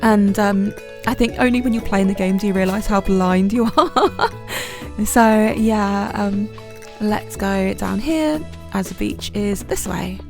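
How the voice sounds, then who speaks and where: A woman chats her way through a farming game, filling the pauses with ums and gently poking fun at herself. Her voice has a gravelly fry and sits at an ordinary pitch. Soft game music plays quietly behind her. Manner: chatty, many ums, self-deprecating. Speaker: gaming channel host. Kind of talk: gameplay commentary.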